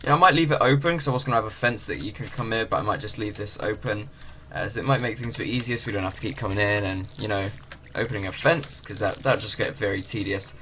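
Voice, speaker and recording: A man's voice: on the low side, fast talker, hardly any pauses, sharp tone. A man giving casual, rambling commentary on a farming game, full of fillers. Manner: chatty, rambling, with many fillers. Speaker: gaming channel host. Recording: game ocean noise behind.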